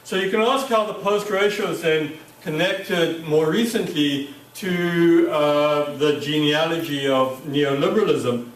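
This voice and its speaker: A man giving an academic conference talk, halting, with many fillers and restarts. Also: fairly high pitch. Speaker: academic speaker. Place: lecture room. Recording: echoey room, mic far off.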